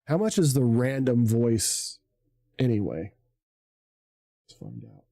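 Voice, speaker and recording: A man streaming from home talks into a desk mic in a dark, mellow voice with a gravelly edge. He speaks slowly and mutters to himself, letting phrases trail off as he works through settings. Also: medium pitch, wildly swooping pitch. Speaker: livestreamer. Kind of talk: casual live-stream chat. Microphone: desk mic on an arm.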